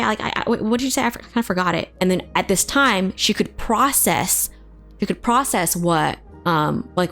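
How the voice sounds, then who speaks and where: Candid woman telling a personal story. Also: lowish voice. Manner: casual, emotional, full of "like" fillers and swearing.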